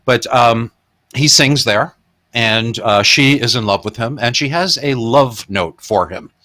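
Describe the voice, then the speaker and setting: A man's voice: mid-range voice, a little slow, pushed and bright. A man hosting a podcast, animatedly retelling film scenes in casual chat and laughing often. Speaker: podcast host.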